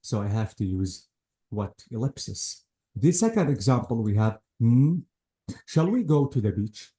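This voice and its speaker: A man's voice: medium pitch, big pitch swings, unhurried, warm tone. A man teaching an English grammar lesson, patiently repeating points and checking that the student follows.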